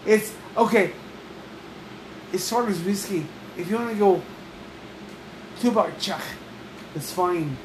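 A woman's voice: mid-range voice, slow pace, long pauses. A woman co-hosting a podcast, a bit tipsy, swearing a lot and putting on a mock Irish-Scottish accent. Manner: profane, combative, talks over others. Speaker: podcast co-host. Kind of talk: casual argumentative chat. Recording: noisy room with humming air conditioner.

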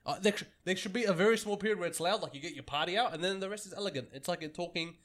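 A young man chatting casually with friends, animated and laughing often. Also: sits high, very fast. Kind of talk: casual chat.

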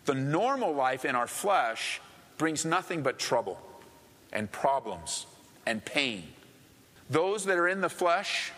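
A man preaching a sermon, his voice bright and forceful and pitched a little high. He leans on emphatic repetition, and a long reverb trails each phrase. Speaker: pastor.

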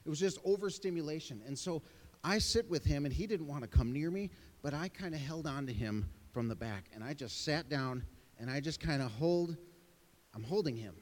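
A man's voice: a little high, lively intonation, moderate pace, in a large hall. A middle-aged man preaching a sermon as pastor, telling stories with self-deprecating asides.

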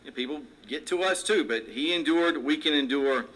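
A man preaching a sermon, reading scripture aloud and breaking off into relaxed, joking asides. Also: fairly high pitch, fairly quick, poor audio. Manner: conversational preaching with asides and jokes. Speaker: pastor.

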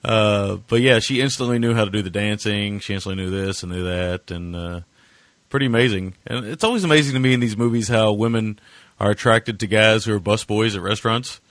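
A man with a lowish voice chats casually about a bad film, speaking in loose, sarcastic asides full of filler words. The recording is close and dry, with no room sound. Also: brisk, fairly bright tone, no room sound. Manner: sarcastic, rambling with many fillers. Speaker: podcast co-host. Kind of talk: casual movie review chat.

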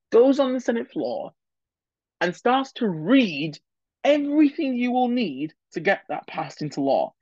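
A man's voice: a little high, a little mellow, dry recording, lo-fi sound. Chatty man, solo podcast host. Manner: digressive, chatty, opinionated asides. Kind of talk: solo political history podcast.

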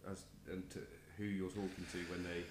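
A man with a very deep voice hosts a podcast and tells a rambling anecdote. The room is echoey, and a faint hum sits underneath. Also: completely flat delivery, fairly quick. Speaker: podcast host. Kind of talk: casual podcast chat.

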